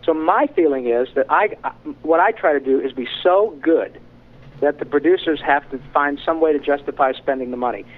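A man, a voice actor guest, talks in a casual interview, telling stories with candid, animated asides. His voice sits a bit high for a man. The sound is thin and boxy, like it is coming over a phone line. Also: moderate pace.

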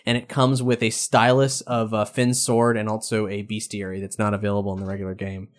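A man's voice: lowish voice, level tone, brisk. Male podcast co-host, casual and eager, rambles with restarts. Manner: rambling, enthusiastic, frequent restarts. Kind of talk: casual chat.

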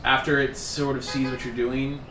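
A man's voice: mid-range voice, level tone, normal speed. A man narrating as game master of a tabletop game, with loose, rambling descriptions full of fillers. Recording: roomy, distant mic with background noise.

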